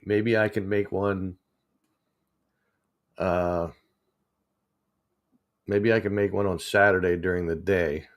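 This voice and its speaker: A man, chatting casually with viewers on a livestream, rambling and chuckling as he reads the chat. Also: deep voice. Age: 40s. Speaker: livestream host.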